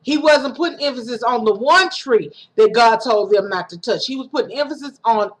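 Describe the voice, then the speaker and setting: A woman's voice: a little high, moderate pace. A woman giving a casual, self-recorded sermon, talking conversationally with restarts and acting out quoted lines. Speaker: preacher. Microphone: home recording setup.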